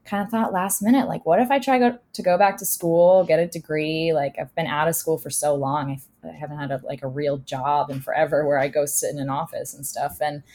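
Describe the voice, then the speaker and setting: A woman's voice: sits low, steady tone, a little fast, hardly any pauses, darkish tone. A young adult woman chatting as a podcast guest, talkative, full of fillers and laughing often. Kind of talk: casual chat.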